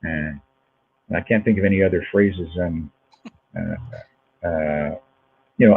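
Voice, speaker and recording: A man's voice: deep voice, expressive, slow pace, gravelly, pauses often, a little hiss or hum. A male actor and dialect coach, a guest on a video-call interview, talking in a rambling way with many restarts. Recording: tinny lo-fi video call audio.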